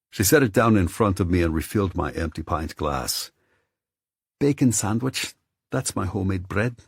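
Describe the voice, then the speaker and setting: A man narrating a dark romance audiobook in a first-person, steady, scripted read. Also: a bass voice, breathy edge, dry recording, studio quality.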